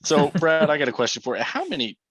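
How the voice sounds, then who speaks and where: A man's voice: on the high side, quick pace, no room sound, poor audio. A man co-hosting a podcast, putting casual, joking questions to his guest. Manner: relaxed, joking interviewer questions. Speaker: podcast co-host. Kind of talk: casual chat.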